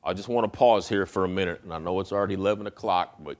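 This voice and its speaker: A male pastor preaching a sermon in a folksy, conversational manner. His voice sits low, and he often repeats words as he builds toward a point. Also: fast talker, darkish tone.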